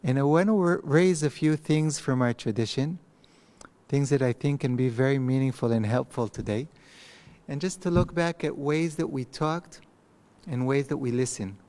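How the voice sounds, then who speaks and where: A man's voice: mid-range voice, dark tone. Conversational man teaching a text. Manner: thoughtful, conversational, with pauses and restarts. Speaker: rabbi teaching a text class. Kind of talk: recorded online lecture. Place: empty study hall. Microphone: microphone.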